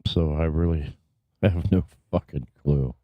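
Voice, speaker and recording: A man's voice: very deep voice, unhurried, no room sound. A man hosting a live stream in casual chat, frustrated and cursing often as he talks. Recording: dry, tinny phone-like sound.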